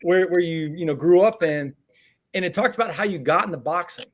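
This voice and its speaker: Male podcast host, halting and repetitive, upbeat, voice on the higher side. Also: dull audio. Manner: halting, stammering repeats, enthusiastic. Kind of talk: interview podcast hosting.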